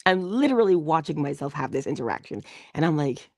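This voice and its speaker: A woman's voice: low-pitched, sing-song, fast talker, darkish tone, no room sound, studio quality. A middle-aged woman hosting a casual inspirational morning talk, dropping into whispers for emphasis and laughing often as she tells a story. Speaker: host of a morning inspiration show.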